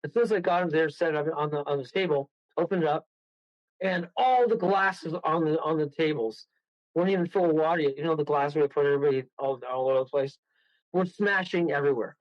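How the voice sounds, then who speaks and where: A man's voice: a little high, brisk, no room sound, highs cut off. A man, a guest medium on a radio show, telling a rambling story full of laughs and acted-out quotes.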